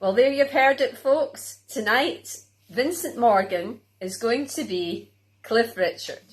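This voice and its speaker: A woman presenting a mock talent show in a bright, cheery showbiz manner. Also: fairly high pitch, slow, slight background noise.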